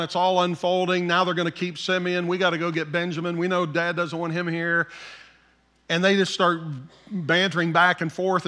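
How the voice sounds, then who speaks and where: A man's voice: high-pitched, pushed and bright. A middle-aged man, a pastor, preaching a sermon, telling the story in a conversational way with asides to his listeners.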